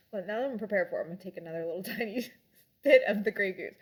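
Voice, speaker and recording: A woman's voice: medium pitch, fast talker, slightly rough. A young adult woman in casual chat, reviewing drinks and books in a rambling way with lots of fillers.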